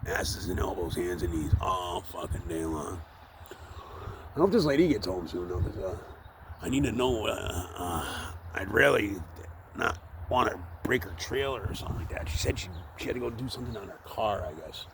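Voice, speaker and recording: A man with a low, gravelly voice rambles on and swears, with lots of "you know" and "like". He talks into the camera outdoors from up in a tree. Clear outdoor noise runs under the recording. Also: animated, moderate pace. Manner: rambling, profane, with many fillers. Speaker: tree worker vlogging. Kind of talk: casual rambling monologue.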